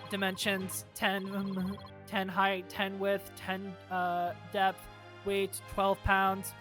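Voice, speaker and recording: A woman voicing a calm, smug male bomb-disposal expert witness, clipped and deadpan, for a courtroom game. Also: mid-range voice, takes it slowly, faint music behind.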